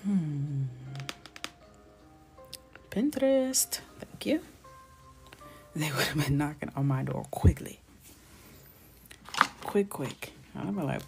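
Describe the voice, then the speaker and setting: A woman hosting a live coloring stream, talking casually and playfully while she colors, chatty and animated. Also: low-pitched, takes it slowly, vocal fry, long pauses, over music.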